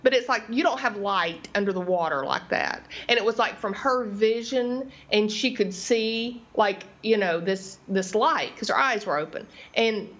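A woman co-hosting a podcast, chatting in an animated way and laughing often. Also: medium pitch, moderate pace, hardly any pauses. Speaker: podcast co-host. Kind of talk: casual chat. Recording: dull lo-fi sound.

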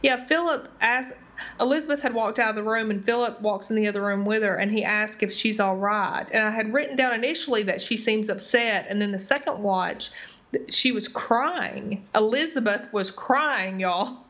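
A woman talks through a TV episode, retelling scenes in detail. Her voice sits at a medium pitch. The recording is a little dull and lo-fi. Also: normal speed, fairly bright tone. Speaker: podcast co-host. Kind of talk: casual TV recap chat.

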